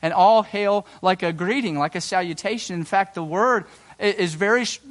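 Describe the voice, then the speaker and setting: At a moderate pace, a pastor's sermon moves through dramatic swings from hushed lows to loud, high bursts of excitement. He drops folksy asides between them, stumbling and restarting his words.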